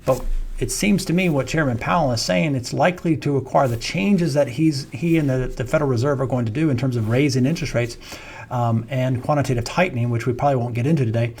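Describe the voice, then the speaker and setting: A man's voice: mid-range voice, fast talker, a little mellow, husky. Man, financial firm founder, informal market update, conversational, hesitant fillers. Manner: conversational, frequent ums and self-corrections. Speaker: wealth management firm founder and CEO.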